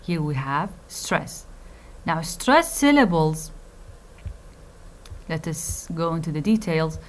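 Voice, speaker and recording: A woman with a fairly low voice and big pitch swings delivers a recorded university phonetics lecture. She explains slowly and carefully, fills pauses with "uh" and "um," repeats key phrases, and slips into Arabic asides to clarify.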